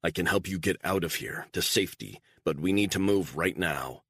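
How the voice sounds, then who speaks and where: A cold, controlled operative voiced by a man in a spy audiobook, speaking in low, curt commands. The voice is deep and steady. The recording is dry and close. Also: moderate pace, breathy edge, dry recording, heavily acted. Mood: stern.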